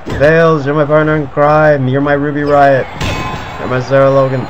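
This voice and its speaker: A man giving excitable let's play commentary, breaking into panicky outbursts and cursing. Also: a little high, normal speed. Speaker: gaming video creator. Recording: slightly muffled audio with game music. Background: video game music.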